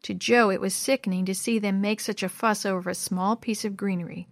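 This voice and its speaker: A woman narrating a storybook in a measured, expressive way. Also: medium pitch, no room sound, studio quality. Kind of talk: storybook reading.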